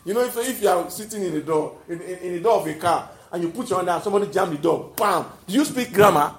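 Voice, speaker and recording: Animated Nigerian preacher in an echoey room. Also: male voice, sits high, fast talker. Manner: animated, calls out to the congregation, laughs often. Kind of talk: sermon.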